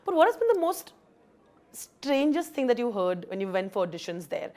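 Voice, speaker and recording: A woman's voice: fairly high pitch, big pitch swings, moderate pace, dark tone. A woman interviewer asking long, hesitant questions with fillers.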